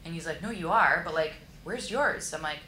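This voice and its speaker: Low-voiced woman telling party stories. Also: moderate pace. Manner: animated, laughing, acts out quotes. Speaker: podcast guest. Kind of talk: casual storytelling. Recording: roomy with loud background noise.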